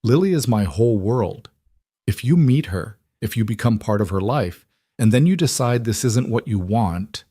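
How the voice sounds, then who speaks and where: A man doing a steady single father, calm and protective, reassuring in a low voice. He speaks evenly, like a storybook figure, and the sound is close and dry. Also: normal speed, husky, no room sound. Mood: serious.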